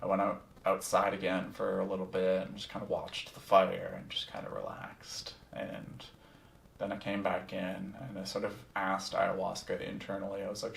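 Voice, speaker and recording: Gravelly low-voiced man, roomy sound. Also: normal speed, distant mic. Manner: candid and reflective, swears freely. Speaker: podcast host. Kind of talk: casual first-person storytelling. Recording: roomy sound, set back from the mic.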